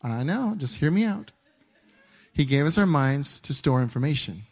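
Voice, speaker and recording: Conversational male preacher, animated. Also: a little high, moderate pace, breathy edge. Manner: conversational, animated, stumbling restarts and acted-out inner dialogue. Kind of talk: sermon. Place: church stage.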